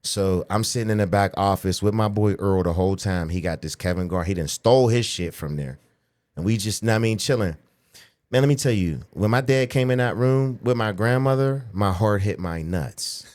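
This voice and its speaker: A man in his forties from the Pittsburgh area, a pro bodybuilder guesting on a podcast, casually recounts a profane childhood story at normal speed in a fairly low voice. Animated, he mimics the people he quotes and often drops "you know what I'm saying."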